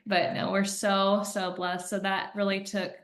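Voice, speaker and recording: A woman's voice: mid-range voice, unhurried. Chatty woman podcast host, roomy sound. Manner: chatty, animated storytelling with laughs. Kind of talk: casual podcast chat. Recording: roomy echo.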